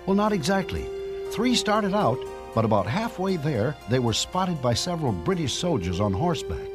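A man narrating a history story in a measured, expressive way. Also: on the high side. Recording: music bed under voice.

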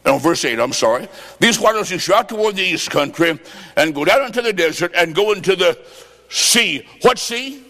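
Fervent high-voiced man preaching in hall. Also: lively intonation, moderate pace. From Illinois, United States. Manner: fervent, shouting, storytelling with quoted dialogue. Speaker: evangelist preacher. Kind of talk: revival sermon.

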